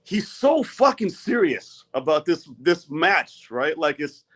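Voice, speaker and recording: A man's voice: fairly high pitch, sing-song, slow. Blunt, profane middle-aged man ranting. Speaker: arm wrestler. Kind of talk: heated live-stream rant.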